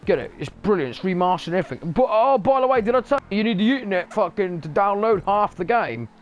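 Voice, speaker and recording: A man's voice: sits high, lively intonation, fast, voice pushed up. A man voicing a pushy male street hustler who swears through a wheedling hard sell.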